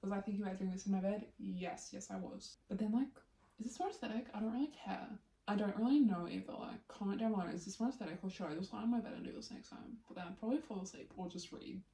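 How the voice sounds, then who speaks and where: Young woman vlogger, playful and sweary, chatting a bit away from the mic in a roomy bedroom with steady background noise. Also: medium pitch, fast talker. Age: young adult. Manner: playful, self-deprecating, swears casually. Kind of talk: casual chatty vlog. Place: bedroom at home. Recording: roomy home recording, mic at a distance, clear background noise.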